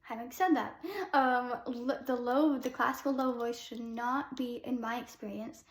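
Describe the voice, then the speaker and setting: A woman's voice: a little high, steady tone, moderate pace, roomy sound. A young woman who teaches classical singing, giving a chatty voice lesson to camera with many fillers and restarts.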